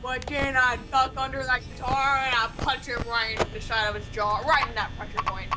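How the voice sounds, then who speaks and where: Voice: medium pitch, steady tone, normal speed, heavy background noise. A storyteller rambling through an absurd comedic tale in a strained, put-on silly voice, full of fillers and restarts.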